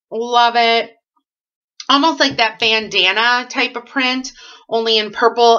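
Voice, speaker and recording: A chatty woman showing off her shopping haul, gushing over every item and dropping fillers as she goes. Her voice is bright and sits a touch high. The home recording sounds dull and lo-fi. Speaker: haul vlogger. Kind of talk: casual product haul vlog.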